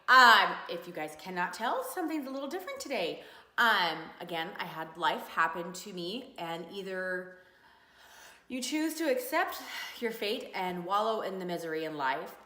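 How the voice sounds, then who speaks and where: A woman in a casual makeup tutorial, joking about herself and filling pauses with ums. Her voice sits a little low for a woman. The room around her echoes noticeably. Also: pushed and bright. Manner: chatty and self-mocking, with fillers and giggles. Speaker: beauty vlogger. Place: room at home under bright work lights.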